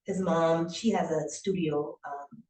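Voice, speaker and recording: A woman, a chef and business owner, telling her story as an interview guest in a lively, heartfelt way and acting out the voices of the people she quotes. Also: sits low, slow. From South Carolina Lowcountry. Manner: animated, acts out quotes, emotional and grateful. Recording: echoey room, voice from a distance.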